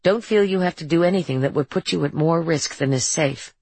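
Woman doing a resolute young woman, measured and careful, low husky tone, audiobook. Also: a little mellow, dry recording.

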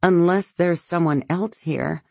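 A woman voicing a sharp, defensive woman who snaps back at others, in an audiobook. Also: fairly low pitch, measured pace, gravelly, no room sound, voice pushed up. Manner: sharp, accusing.

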